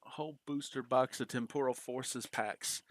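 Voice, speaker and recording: A man's voice: mid-range voice, fairly even intonation, normal speed, no room sound. A man from the United States, streaming a game and chatting casually, joking, laughing often and answering chat aloud. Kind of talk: casual live-stream chat while gaming.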